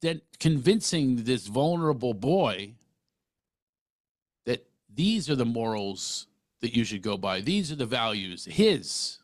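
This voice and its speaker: In clean studio audio with no room sound, a middle-aged man hosts a podcast, speaking in a mid-range, sing-song, slow voice. The interview talk is casual, yet he's earnest and emphatic, frequently starting sentences over.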